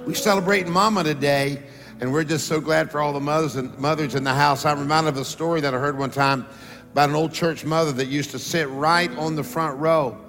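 High, gravelly preacher in a hall. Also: male voice, steady tone, fairly quick, a bit bright. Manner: preaching with call-and-response to the congregation; rises and draws out words for emphasis. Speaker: pastor. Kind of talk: sermon. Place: large church sanctuary. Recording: long reverb of a church hall.

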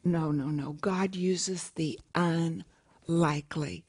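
Female co-host, low-pitched, unhurried, measured and affirming. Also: fairly even intonation, darkish tone, breathy edge. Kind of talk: conversational Bible discussion.

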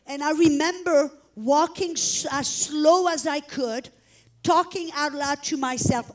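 Middle-aged woman preacher, high voice, dramatic testimony storyteller who acts out the scenes. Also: unhurried. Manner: dramatic storytelling, acting out shouts and prayers. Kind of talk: testimony sermon.

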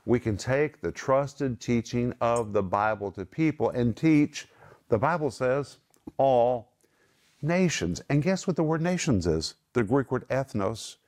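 A middle-aged man gives Bible teaching in an emphatic, preacherly way. His pitch sits in a typical male middle range, and he drags out certain words for weight. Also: animated, a little mellow. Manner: emphatic, slows down to stress key words. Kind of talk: Bible teaching with scripture quotes.

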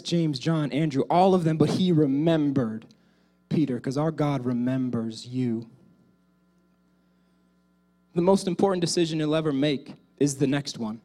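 A male pastor delivering a sermon, speaking directly to the congregation and swinging between loud exhortation and quiet asides. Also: a little high.

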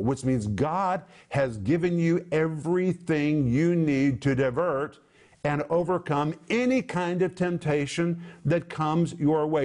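A man preaching a sermon, emphatically explaining Greek words, slowing down and leaning on key words for stress. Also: on the high side, darkish tone. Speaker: Bible teacher. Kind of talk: televised sermon.

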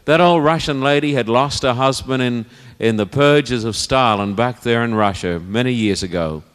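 Smooth-voiced preacher in a hall. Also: male voice, medium pitch. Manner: earnest, pleading, repeats phrases for emphasis. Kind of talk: evangelistic sermon. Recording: long reverb of a hall.

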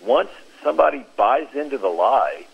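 A man giving a Christian talk on a radio show, telling stories in an animated way and acting out the quoted lines. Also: medium pitch, moderate pace, creaky, slightly rough, dull audio. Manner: animated storyteller who acts out quoted speech. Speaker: Christian speaker.

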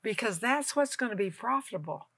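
Female co-host, exhorting and encouraging, bright tone, dry close sound. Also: a little high, animated, brisk, no room sound. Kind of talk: faith talk show conversation.

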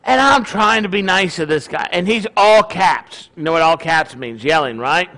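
A man, a rabbi, giving a sermon in a conversational, animated storytelling way. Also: high-pitched, normal speed.

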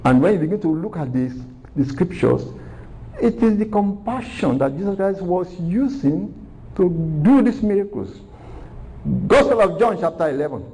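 A man's voice: high-pitched, animated, normal speed, mellow, low-quality recording. A man preaching a recorded sermon, earnest and repetitive, asking rhetorical questions.

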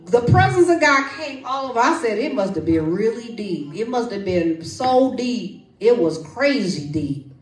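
Lively woman preaching in an echoey church. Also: medium pitch, measured pace, far from the mic. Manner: lively, call-and-response, folksy. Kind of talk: sermon with testimony and prayer. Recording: echoey room, voice from off-mic.

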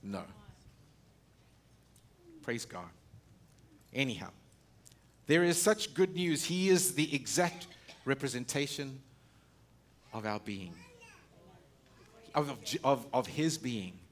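Slow and animated, a male preacher pauses often as he delivers a sermon laden with rhetorical questions and restarts. His voice moves between loud emphasis and soft, low moments.

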